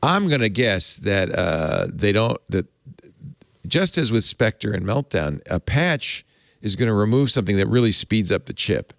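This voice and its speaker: A man's voice: fairly low pitch, very animated, measured pace, creaky, fairly bright tone, no echo, clean studio sound. A man hosting a tech podcast, talking casually and rambling, often correcting himself and chuckling. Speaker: podcast host.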